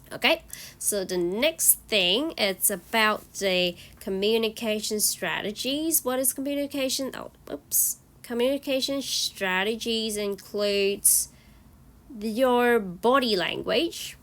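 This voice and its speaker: A woman's voice: mid-range voice, lively intonation, a bit bright. A woman with a Hong Kong English accent teaching an online speaking lesson to students, often checking in with "okay?". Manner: slow, encouraging, frequent "okay?" checks.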